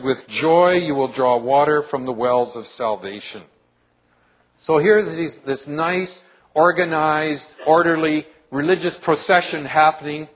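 A man's voice: a little high, a bit bright, slightly rough, rough recording. A male pastor preaching a sermon to his congregation in a church, earnestly asking them questions.

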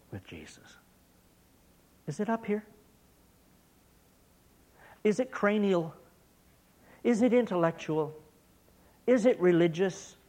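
A middle-aged male missionary preaching with a fairly high voice. He shifts from loud, stressed declarations down to near-whispers. He drives his points home with strings of rhetorical questions. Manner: dramatic swings from loud emphasis to hushed whispers. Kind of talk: sermon.

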